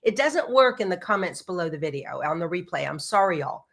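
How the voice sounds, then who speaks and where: A woman's voice: fairly low pitch, sing-song, a little fast, gravelly, fairly bright tone. A middle-aged woman, hosting a quilting livestream in a bubbly, chatty way. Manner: chatty, bubbly, says y'all. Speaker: quilting show host. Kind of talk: casual livestream chat.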